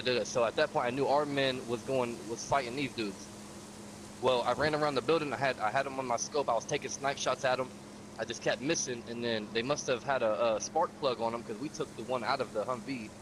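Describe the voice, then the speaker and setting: A man's voice: medium pitch, background noise. A man casually recounting a game session, profane and streetwise, acting out the quotes of other players. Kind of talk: casual storytelling.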